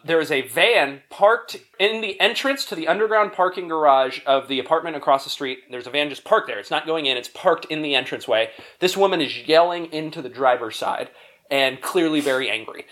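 Fast, bright-voiced male storyteller. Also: fairly high pitch. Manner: animated storyteller, laughs often. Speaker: podcast co-host telling a story. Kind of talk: casual comedic storytelling.

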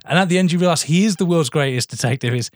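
A man in casual podcast chat, eager and a bit sweary, calling his co-host mate. His voice sits slightly high for a man. The sound is dry and close. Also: very fast, no echo. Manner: enthusiastic, swears, keeps saying "mate".

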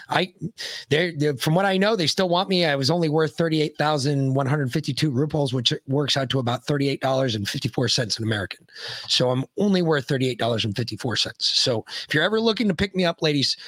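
A man's voice: mid-range voice, fairly bright tone, no room sound, studio quality. A man in casual podcast chat as the guest, joking and brash with plenty of profanity.

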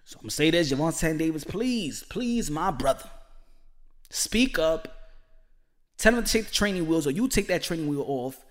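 Emphatic high-voiced male boxing commentator. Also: lively intonation, moderate pace, a bit bright. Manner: emphatic and repetitive, pleading directly to a fighter.

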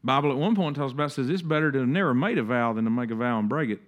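A man's voice: mid-range voice, expressive, very fast, dull audio. A middle-aged man preaching a sermon in a conversational way, acting out the voices of the people he quotes. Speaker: pastor.

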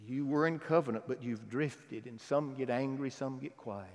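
A man preaching a sermon who swings from loud exhortation to hushed, intimate asides. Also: mid-range voice, normal speed, big-room sound.

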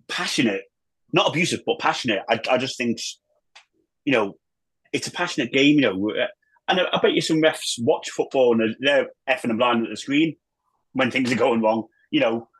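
A man, a former footballer and manager, chatting as a podcast guest in an animated, rambling way, full of restarts and the odd swear. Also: mid-range voice, normal speed, pauses often, husky, low-quality recording. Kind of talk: casual chat.

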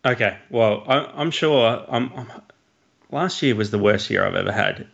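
A man chats in a halting, hesitant way, with a low voice and gravelly fry. His sound is dull and lo-fi. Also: expressive, fairly bright tone. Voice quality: hesitant, restarting often. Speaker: podcast co-host. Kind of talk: casual chat.

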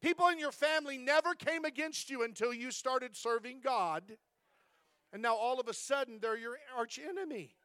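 High-voiced fervent preaching pastor. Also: male voice, normal speed, smooth, dry recording, clean studio sound. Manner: fervent preaching with repeated amens; rising to impassioned, louder stretches. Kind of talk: sermon. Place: church.

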